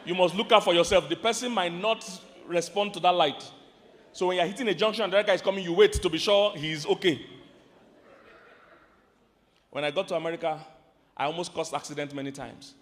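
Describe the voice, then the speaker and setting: A man with a Nigerian accent preaching about marriage to a live audience. He swings from loud emphatic lines to quiet asides and keeps asking the crowd questions. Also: high-pitched, brisk, pauses often. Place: large hall with an audience. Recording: hall reverb from a large venue.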